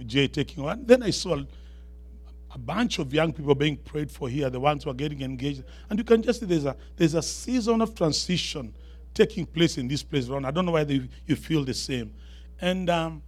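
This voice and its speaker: A man's voice: a little high, a little mellow. A man with an African accent preaching a sermon in church, moving from chatty asides to rising, emphatic declarations and calls for the congregation to answer. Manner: builds to raised, emphatic declarations with call-and-response; quick asides with humor to the congregation. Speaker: guest preacher.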